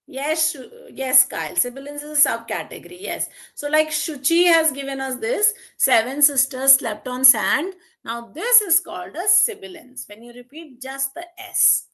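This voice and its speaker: A woman's voice: high-pitched, a bit bright. A woman teaching an online exam-prep lesson, praising students by name and asking the class questions. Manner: slow and deliberate, draws out key terms and examples. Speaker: English teacher.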